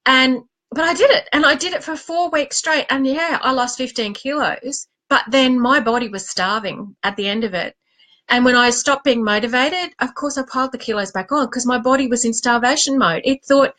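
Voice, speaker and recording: Talking to camera in her vlog, this Australian life coach from Queensland, in her 40s (late forties), is animated and confiding, often poking fun at herself. She has a high voice at a moderate pace, captured in poor audio.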